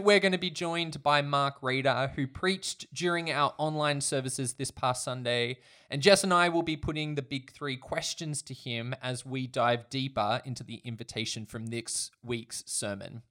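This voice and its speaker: A man's voice: medium pitch, a bit bright. Upbeat man hosting a podcast. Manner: upbeat, chatty, laughs often. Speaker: podcast host. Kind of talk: casual church podcast chat.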